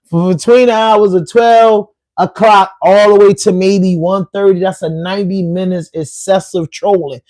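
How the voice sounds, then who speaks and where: A man with a Baltimore accent hosts a casual live stream, his voice sitting high for a man. He rattles off rhyming insults at trolls in a loose, streetwise way. The sound is dry and close, with little room around it. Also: steady tone, moderate pace, hardly any pauses, darkish tone, no room sound. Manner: trash-talking, rhyming insults. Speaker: podcast host.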